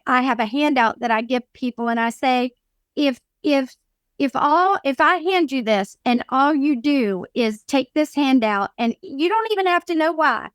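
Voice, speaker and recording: A Southern woman therapist explains her ideas with earnest emphasis, her voice sitting a touch high. The sound is dry and close, with no room around it. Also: no room sound. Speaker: therapist and counseling teacher. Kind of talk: podcast guest explaining.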